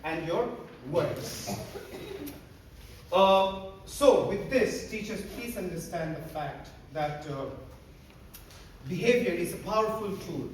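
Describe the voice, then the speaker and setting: Animated man training teachers in an echoey hall. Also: high-pitched, takes it slowly, long pauses. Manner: animated, mixes Hindi phrases into English, gets the audience to repeat and clap. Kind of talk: lively workshop lecture. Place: large echoey hall with an audience. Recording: echoey hall, voice far from the mic, background noise.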